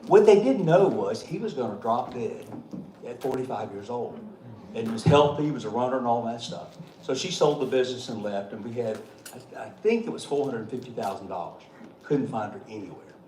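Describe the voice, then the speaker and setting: A man's voice: mid-range voice, animated, fairly quick, warm tone. Folksy man telling stories. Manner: folksy, joking, chuckling often. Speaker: state treasurer. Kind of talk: storytelling speech at a meeting. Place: meeting hall. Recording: echoey room, faint background noise.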